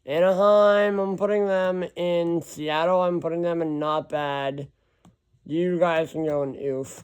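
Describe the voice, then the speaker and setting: A man's voice: a little high, steady tone, measured pace, clean tone. A man talking casually to himself and his viewers, reading off lists of teams and often stopping to correct himself. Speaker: hockey vlogger. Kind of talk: casual thinking-aloud commentary.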